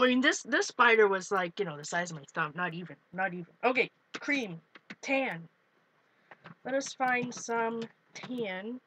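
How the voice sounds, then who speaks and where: A woman's voice: mid-range voice, bright, forceful tone, no echo, poor audio. A woman hosting an art livestream, chatting casually with viewers while she paints and often giggling. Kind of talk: casual live-stream chat while painting.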